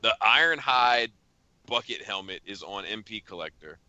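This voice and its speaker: A man's voice: on the low side, expressive, normal speed, pushed and bright, no echo, dull audio. A man hosting a casual podcast chat, telling a long story and reading out text messages with frequent laughs. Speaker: podcast host.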